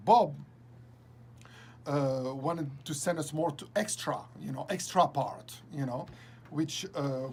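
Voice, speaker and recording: A man as an interview guest, telling a story with lots of laughter and halting restarts. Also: on the high side, darkish tone, slight background noise. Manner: laughs often, halting restarts, acts out quoted dialogue. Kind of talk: animated storytelling anecdote.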